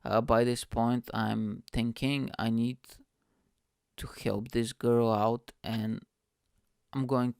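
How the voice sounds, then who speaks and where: Gravelly self-mocking man reading comedy. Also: level tone, slow, a little mellow, no echo, studio quality. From Bulgaria. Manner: self-mocking, swearing, slips into high-pitched voices for quoted people. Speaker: podcast host. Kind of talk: reading a stand-up set aloud.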